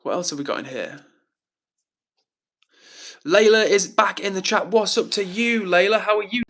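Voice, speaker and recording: A man's voice: high-pitched, animated, moderate pace, a bit bright. A man hosting a livestream, chatting casually and reading out viewers' comments in an upbeat, encouraging way. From England. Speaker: livestream host.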